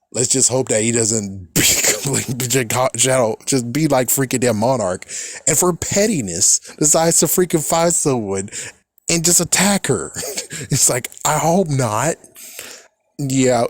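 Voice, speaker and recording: A man's voice: mid-range voice, no echo. A young adult man giving casual reaction commentary, rambling and swearing freely with frequent laughs. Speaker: reaction video host.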